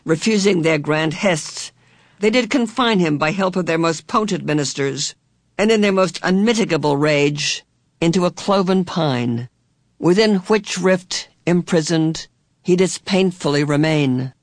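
A man voicing a mysterious old female spirit who speaks in a measured, cryptic way and quotes verse. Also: on the high side, no room sound, studio quality, natural voice. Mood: cryptic solemn. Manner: measured, cryptic, deliberate delivery.

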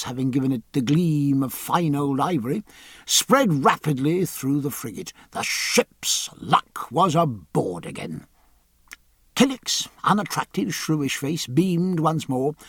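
A man narrating a historical novel in a measured storytelling manner. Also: on the high side, gravelly, breathy edge, no room sound, studio quality. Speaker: audiobook narrator. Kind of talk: scripted narration.

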